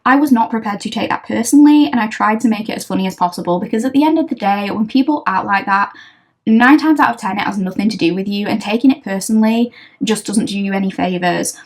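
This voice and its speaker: A woman's voice: mid-range voice, quick pace. A young woman, a tarot reader casually telling a story to camera, chatty and wry, often laughing.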